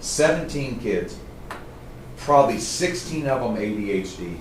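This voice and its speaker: A middle-aged man telling stories to a live audience as a trainer, in a casual, animated way. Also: medium pitch, measured pace, a little hiss or hum. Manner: casual, animated storytelling, says "man" often. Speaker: trainer speaking to a group. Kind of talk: storytelling talk to a live audience. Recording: roomy, distant mic.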